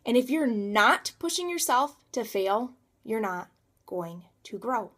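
A woman's voice: a little high, very animated, slow, fairly bright tone. A woman in her thirties talking through a personal motivational vlog, emphatic and repeating words for stress. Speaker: coach and realtor.

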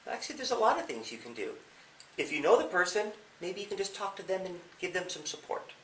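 Animated police officer in an echoey room. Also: male voice, high voice, fast, slight background noise. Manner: animated, explaining with questions and acted-out examples. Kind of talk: interview giving advice to young people. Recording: echoey room, mic at a distance.

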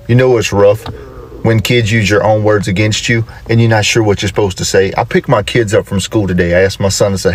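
A man telling comic stories about his kids in an animated, exclaiming way. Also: fairly low pitch, fairly quick, a little hiss or hum. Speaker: comedic storyteller. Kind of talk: comedic storytelling.

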